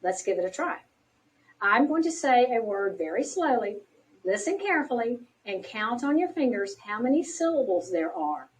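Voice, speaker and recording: A woman giving scripted narration for an instructional video, speaking slowly and clearly in an encouraging teacher manner. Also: a little high, big pitch swings. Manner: slow, clearly paced, encouraging teacher talk. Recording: distant from the mic.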